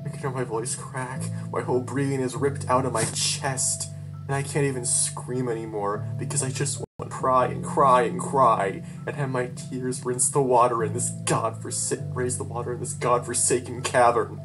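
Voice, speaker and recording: A narrator telling a first-person horror tale with raw, tearful emotion that breaks into frantic outbursts. The voice sits at a middling pitch, and clear guitar music plays steadily behind it. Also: level tone, moderate pace. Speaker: storyteller.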